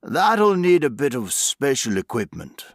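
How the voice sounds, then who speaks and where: A man voicing a gruff old rural English laborer with an English country accent, blunt and given to cursing. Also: mid-range voice, big pitch swings, a little slow, dry recording, studio quality, pitched above the performer's own voice.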